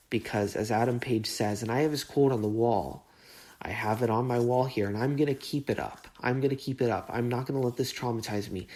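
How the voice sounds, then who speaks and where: This is a man of middle pitch speaking alone into his podcast mic. He is earnest and impassioned, and his words stumble and repeat as he gets emotional. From Southern California. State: getting emotional. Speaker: podcast host. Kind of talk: emotional monologue.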